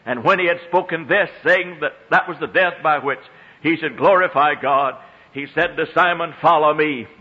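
A man preaching a sermon, swinging between hushed low phrases and high ringing exclamations, drawing out scriptural lines in old-fashioned diction. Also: moderate pace. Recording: long hall reverb, dull lo-fi sound.

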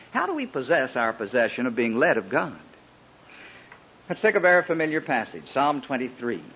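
A man preaching a sermon in an earnest, pleading way, with a husky voice. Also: mid-range voice, slight background noise. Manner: earnest, pleading, rising and falling emphasis. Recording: dull lo-fi old sermon recording.

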